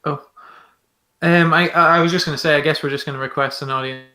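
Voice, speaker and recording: Guy playing a tabletop game, higher voice, bright and sharp, lots of ums, echoey room. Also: fairly even intonation, quick pace. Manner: hesitant, laughs between remarks. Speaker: player. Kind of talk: casual tabletop game chat. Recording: roomy echo.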